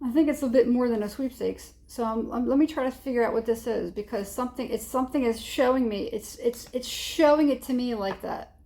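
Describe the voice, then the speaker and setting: A woman's voice: on the high side, fairly quick, hardly any pauses, warm tone. A woman giving a casual tarot reading, rambling and hesitant, with many fillers and frequent chuckles. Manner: chuckles often. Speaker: tarot reader.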